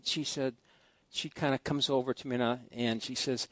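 A middle-aged male pastor telling folksy personal stories during a sermon, swinging between loud asides and quiet musing. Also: medium pitch, steady tone, normal speed, no room sound. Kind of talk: storytelling sermon. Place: church sanctuary.

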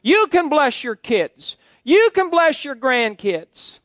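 Male pastor, middle-aged, folksy preacher, high-pitched voice, dry close mic. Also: big pitch swings, slow, fairly bright tone, no room sound. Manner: folksy, joking asides to the congregation. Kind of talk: sermon.

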